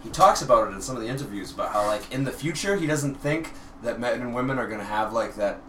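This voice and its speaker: A chatty man co-hosting a movie podcast, telling behind-the-scenes trivia with a bright, forceful voice. He sits a bit back from the mic in an echoey room with faint background hiss. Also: mid-range voice, animated, quick pace, recorded from a distance. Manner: chatty, laughs a lot, tells film trivia. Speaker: podcast co-host. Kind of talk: casual movie chat.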